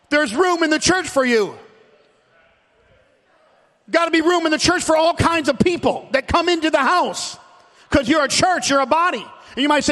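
A male pastor preaching a sermon in a church, moving between shouted high points and low, quiet asides. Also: lively intonation, normal speed. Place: church sanctuary. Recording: long church hall reverb.

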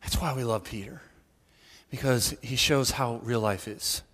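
A man preaching an Easter sermon as pastor, in a conversational, animated storytelling manner that acts out the people in his story. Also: medium pitch, a little slow, husky, long reverb tail. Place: church.

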